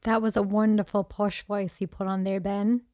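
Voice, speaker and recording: A woman's voice: medium pitch, little pitch movement, moderate pace, mellow, no room sound, studio quality. A young woman co-hosting a podcast, chatting casually, joking and swearing freely. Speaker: podcast co-host.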